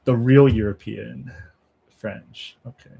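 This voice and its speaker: A man chats loosely with his viewers on a livestream, often breaking into laughter. His talk wanders, with half-finished thoughts and quick asides. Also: mid-range voice, fairly even intonation, creaky, dark tone, slightly rough. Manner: chatty, laughs often, thinks aloud with trailing asides. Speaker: language-learning streamer. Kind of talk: casual livestream chat with viewers.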